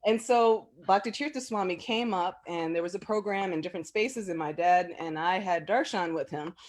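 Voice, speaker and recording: This woman's voice is on the low side and her speed is normal as she casually recalls personal memories for an interviewer. Frequent laughter and fillers run through her talk, and quoting others brings out extra animation.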